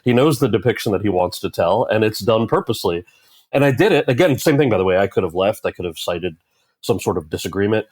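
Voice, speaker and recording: A man's voice: lowish voice, fast, no echo. A man, an actor telling a story as an interview guest and voicing the people in it. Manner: animated anecdote-telling, quoting others in character. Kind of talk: conversational storytelling.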